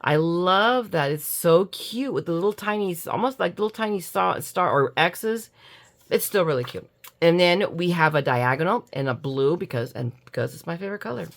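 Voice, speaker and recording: A woman's voice: lowish voice, animated, normal speed. A middle-aged American woman chatting casually while unboxing crafts, gushing and drowsy from allergy medicine. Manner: chatty, gushing, self-mocking, yawning. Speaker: crafting YouTuber.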